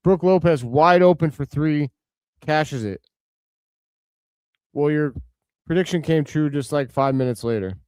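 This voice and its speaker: A man hosting a live watch-along stream, giving casual play-by-play and answering viewers' comments, with excitable outbursts over big plays. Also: a little high, a little slow, long pauses, clean tone, dry recording.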